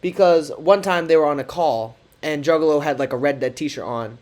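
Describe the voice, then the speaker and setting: A man's voice: a little high, normal speed, a little mellow. A man giving casual commentary, reading out text messages in a sarcastic, mocking way. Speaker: commentary creator.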